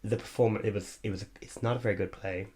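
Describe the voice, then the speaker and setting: A man co-hosting a podcast in casual chat, gossipy and quick to laugh. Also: on the low side, fairly even intonation, a little mellow. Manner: chatty, gossipy, laughs often. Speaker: podcast co-host.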